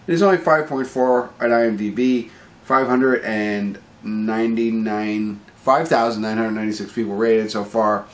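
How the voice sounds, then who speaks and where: A middle-aged man reviewing a movie in a casual, rambling way, joking at his own expense, full of fillers and restarts, his voice a bit hoarse. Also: fairly low pitch, fairly even intonation, moderate pace. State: slightly hoarse voice.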